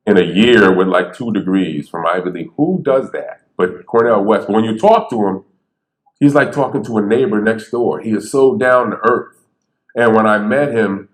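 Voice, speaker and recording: Storytelling man on an echoey stage. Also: fairly low pitch. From Bridgeport, Connecticut. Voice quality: stutterer. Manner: animated, conversational, acts out quotes. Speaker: speaker telling stories on stage. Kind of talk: storytelling talk. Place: theater stage. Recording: echoey theater.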